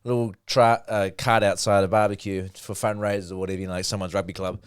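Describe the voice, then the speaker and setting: A man's voice: low-pitched, level tone, fast talker, smooth, dry recording, studio quality. A young man hosting a podcast in casual, jokey chat. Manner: jokey, laughing, rambling. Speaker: podcast host.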